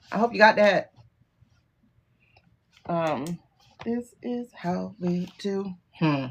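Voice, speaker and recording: A middle-aged woman hosts a tarot livestream, speaking slowly and expressively in a fairly low voice. She keeps things casual and blunt, swearing and laughing a lot as she does her readings.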